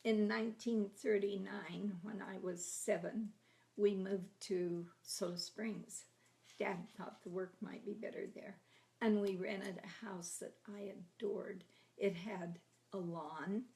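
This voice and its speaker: A woman in her eighties telling family stories from her childhood in a chatty, laughing way, often trailing into soft half-whispers. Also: mid-range voice, fairly even intonation, slow, vocal fry. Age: 80s. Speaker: grandmother telling her life story. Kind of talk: casual oral history reminiscing.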